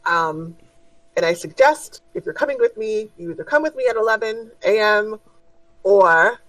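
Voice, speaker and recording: A woman voicing a kind, encouraging male scientist who speaks gently and a little haltingly. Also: medium pitch, expressive, far from the mic, noisy background, pitched above the performer's own voice, natural voice. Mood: kindly.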